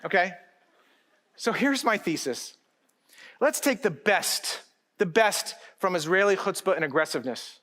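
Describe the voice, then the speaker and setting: Guy doing a keynote, pretty high voice, lively and direct, jokes with the crowd. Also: moderate pace, a little hiss or hum. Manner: animated, direct, joking with the audience. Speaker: conference keynote speaker. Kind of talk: conference speech.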